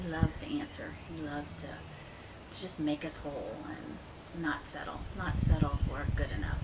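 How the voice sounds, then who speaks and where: A woman guest in a casual interview, telling her story with animated quotes that soften into a hushed, earnest tone. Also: low voice, moderate pace, background noise. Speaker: interview guest, ministry founder.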